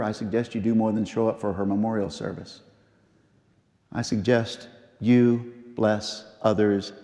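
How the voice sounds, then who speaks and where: A middle-aged man preaching a memorial sermon, telling stories and repeating phrases with slow, emphatic pauses. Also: lowish voice, warm tone. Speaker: pastor. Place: large church. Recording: long church reverb.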